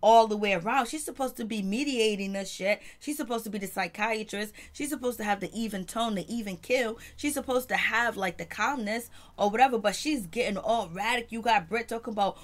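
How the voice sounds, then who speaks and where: A woman's voice: medium pitch, brisk, few pauses. A woman casually recapping a reality TV episode in slangy talk, acting out the quotes as she goes. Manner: slangy, retells scenes in quoted voices. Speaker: TV show reviewer.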